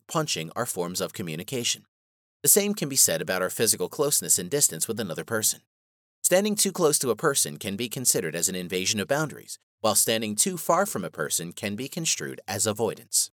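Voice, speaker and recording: A man reading a scripted instructional narration in a measured, even way. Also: lowish voice, no echo, studio quality.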